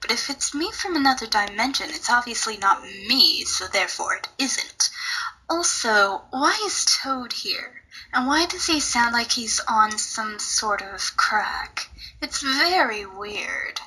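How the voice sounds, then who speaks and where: Woman putting on a low-voiced haughty villainess. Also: animated, takes it slowly, sharp tone, breathy edge, exaggerated voice, low-quality recording. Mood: mocking. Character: haughty lady villain from another dimension.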